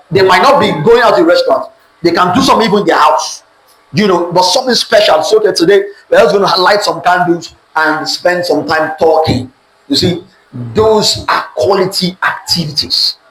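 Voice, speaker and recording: A man's voice: high voice, moderate pace, fairly bright tone. A man with a Nigerian accent teaching in sermon style, calling on his audience to repeat key words back to him. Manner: call-and-response, asks audience to repeat words. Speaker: preacher teaching on relationships. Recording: echoey room with faint background noise.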